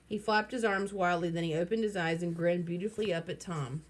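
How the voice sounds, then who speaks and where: A woman reading a children's novel aloud, lively and throwing in wry asides. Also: lowish voice, fairly quick. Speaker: reader.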